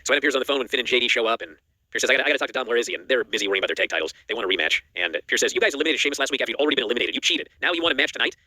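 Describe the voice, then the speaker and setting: A man's voice: mid-range voice, dry recording. A man co-hosting a wrestling news show, recapping matches in a casual chat and acting out the quotes. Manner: rapid animated recap, acts out quotes.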